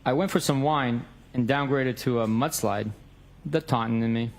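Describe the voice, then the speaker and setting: Guy on the stand reading back a text convo, reads out the dates and times, middle pitch, courtroom mic. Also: normal speed. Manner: reads both sides of a text exchange, stating dates and times.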